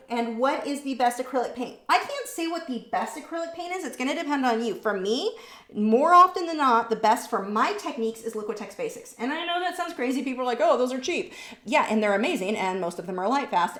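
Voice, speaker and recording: A woman hosting a live painting stream, chatting casually and answering viewer questions, warm and talkative. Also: sits high, lively intonation, brisk, echoey room. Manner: warm, chatty, easily moved, laughs between words.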